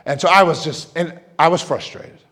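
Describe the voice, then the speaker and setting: A middle-aged male pastor telling a personal story in a sermon, lively at times and dropping to a soft hush when he prays. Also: on the high side, moderate pace. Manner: animated storyteller, drops to a soft hush for prayer.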